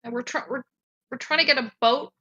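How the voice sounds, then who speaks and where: A woman's voice: high voice, fairly even intonation, brisk, fairly bright tone. A woman playing a tabletop game, blunt and impatient in casual chat. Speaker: player. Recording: dull lo-fi sound.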